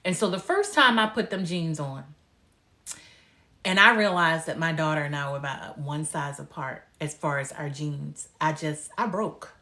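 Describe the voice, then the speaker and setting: A woman's voice: low-pitched, normal speed, pushed and bright. A woman in her forties chatting casually on a live stream as a lifestyle coach, confiding and emotional as she tells personal stories.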